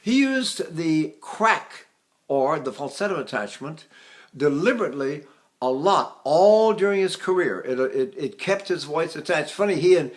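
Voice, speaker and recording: An older man, a voice teacher, explaining singing technique with halting restarts and sung demonstrations. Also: fairly high pitch, animated.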